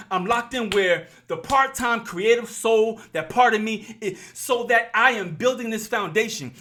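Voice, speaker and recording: A man's voice: high-pitched, sharp tone. A man, speaking in an impassioned, preachy vlog style and repeating his phrases for emphasis. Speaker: YouTube commentator. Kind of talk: impassioned motivational vlog talk.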